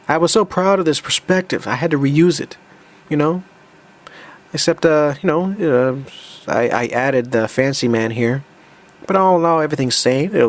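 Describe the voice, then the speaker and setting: A young man casually talking through an old draft of his own comic, rambling and restarting often. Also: medium pitch. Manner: rambling, halting, with many restarts. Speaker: comic creator. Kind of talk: casual commentary.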